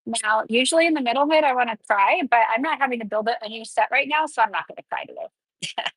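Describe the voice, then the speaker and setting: Woman nail educator, chatty step-by-step delivery, husky tone, dry close sound. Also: on the high side, fast, a bit bright, dry recording, low-quality recording. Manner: chatty, explains each step while working. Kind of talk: live nail tutorial.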